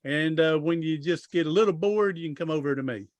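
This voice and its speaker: A middle-aged man, an author and speaker, appears as a podcast guest in a casual storytelling interview. His voice is a little high and brisk, and the recording is dry. He tells long stories in a rambling, folksy way and often restarts his sentences.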